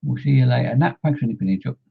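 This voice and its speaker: Painting miniatures, a man chats loosely as he works, rambling and humming and mumbling to himself. He talks very fast in a husky mid-range voice with vocal fry, and the lo-fi sound is dull.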